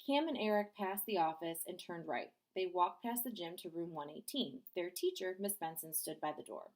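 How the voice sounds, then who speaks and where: A woman's voice: fairly low pitch, expressive, normal speed. A woman reading a children's chapter book aloud as a bedtime story. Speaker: storybook reader.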